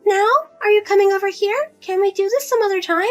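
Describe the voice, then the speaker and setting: A woman speaks a little fast in a very high voice as a nagging middle-aged mother. Whiny and pushy, the character pleads with and guilt-trips her grown daughter, while soft background music plays.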